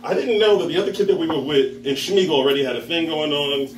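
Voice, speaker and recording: A man in his thirties, his voice on the high side and quick, tells a rambling stand-up story at an open mic in a bar with a live audience. The comedian laughs at his own jokes and acts out the people in the story. A roomy, distant mic picks up the crowd and background noise.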